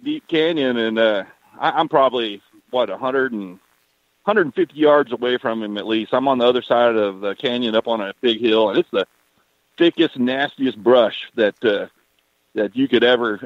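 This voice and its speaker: A man calling in to a radio show, rambling excitedly with lots of fillers. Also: mid-range voice, dry recording. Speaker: caller. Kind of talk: casual call-in chat. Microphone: phone. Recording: muffled phone call.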